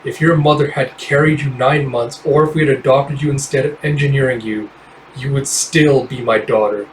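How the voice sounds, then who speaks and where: Man playing older patriarch, measured and stern, lowered voice; roomy room. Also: fairly even intonation, slight background noise, natural voice. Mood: somber. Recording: roomy, distant mic.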